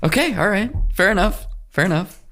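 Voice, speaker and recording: A man's voice: sits high, expressive, brisk, pushed and bright. A man co-hosting a podcast, joking playfully in casual chat. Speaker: podcast co-host.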